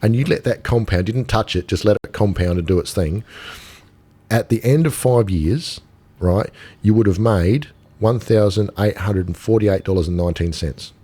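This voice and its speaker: Husky-voiced Australian man, low and lively. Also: moderate pace. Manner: animated storyteller, acts out quoted voices. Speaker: gold dealer guest. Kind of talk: casual podcast chat.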